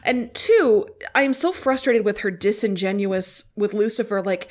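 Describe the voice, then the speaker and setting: A woman co-hosts a casual TV review podcast, talking in an animated, chatty way. Her voice sits at a middle pitch and she often restarts her sentences as her thoughts rush ahead. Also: fairly quick, hardly any pauses. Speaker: podcast co-host.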